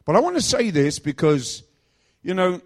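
A man's voice: sits high, very animated, moderate pace. A middle-aged man from England preaching in a chatty, joking storytelling style. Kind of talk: storytelling sermon.

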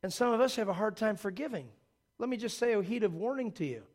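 A middle-aged man preaching a sermon, telling stories and acting out quoted voices in an animated, jokey way. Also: high-pitched, quick pace. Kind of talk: sermon with storytelling.

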